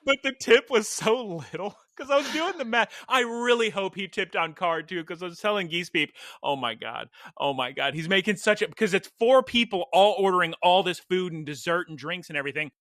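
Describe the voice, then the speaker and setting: A man's voice: sits high, brisk, hardly any pauses, fairly bright tone, no room sound. Young male podcast co-host, chatty storyteller, dry close sound. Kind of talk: casual chat.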